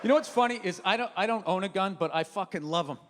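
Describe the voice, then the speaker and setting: A man performing a stand-up comedy routine, ranting and profane, swinging from loud outbursts to low muttered asides. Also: fast, noisy background. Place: live comedy venue. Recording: live venue hall reverb.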